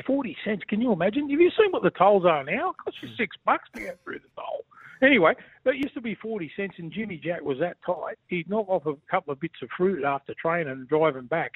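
A middle-aged Australian man calling in by phone, joking around in rapid banter and saying mate in nearly every sentence. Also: a little high, slightly rough, no room sound. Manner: jokey, excitable, says mate constantly. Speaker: former footballer calling in. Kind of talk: casual banter on a phone call. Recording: tinny phone line.

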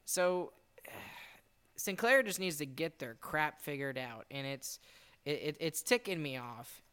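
A man's voice: fairly high pitch, expressive, measured pace, pushed and bright, clear, resonant tone. A man hosting a laid-back podcast in a casual, rambling way. He sounds exasperated, and his talk is broken up by restarts and laughs. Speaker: podcast host. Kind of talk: casual chat.

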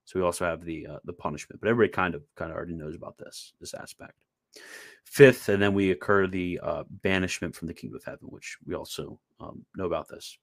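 Earnest man with a low, dry voice. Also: quick pace, vocal fry, no echo. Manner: earnest and exhorting, with many fillers and restarts. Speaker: host and teacher. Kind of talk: informal spoken commentary on a theology text.

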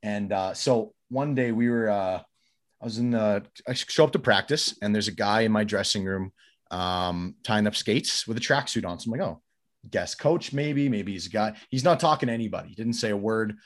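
A man telling a long story in casual podcast chat, getting loud and sweary as he relives his anger. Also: on the low side, normal speed. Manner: animated, swears freely, gets louder recounting anger.

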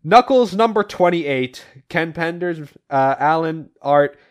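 Man, slightly higher voice, casual comic recap, animated retelling, podcast co-host. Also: slow pace, clean tone.

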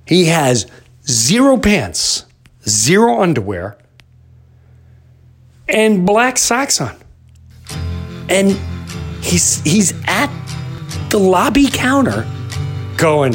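Animated storytelling man in his fifties. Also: sits high, extremely slow, pauses often, music in the background. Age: 50s. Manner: animated, rambling, jumps to shouting disbelief. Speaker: podcast host. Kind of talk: casual storytelling monologue.

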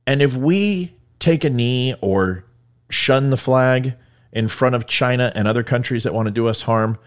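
A smooth, mid-range voice belongs to this Californian host, who speaks a little slowly. His casual monologue for viewers meanders, laced with jokes that mock himself.

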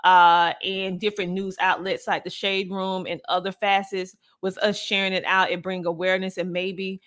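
A woman hosting a podcast with casual commentary, talking loud and animated and answering viewer comments. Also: mid-range voice, moderate pace. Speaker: podcast host.

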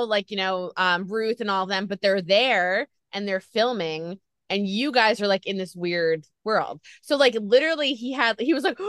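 A chatty woman interviewer talks at a middle pitch, tumbling through her thoughts with plenty of fillers. Her voice sounds close and dry, with no room around it. The setting is a relaxed video call. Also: clear, resonant tone, no echo. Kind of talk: casual interview chat.

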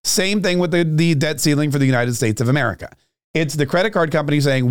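A man hosts a solo podcast, giving a ranting political commentary monologue. His voice sits a little high, and his delivery is sarcastic, often doubling words as he pushes ahead. The recording is close and dry. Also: fast talker, smooth, no echo.

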